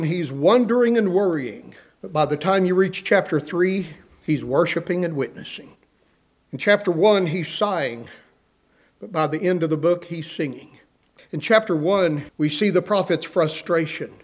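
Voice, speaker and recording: A man's voice: high-pitched, darkish tone. A man preaching a sermon in a slightly raised voice. He talks in a rhythmic preaching cadence that swells into pleading outbursts. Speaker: pastor.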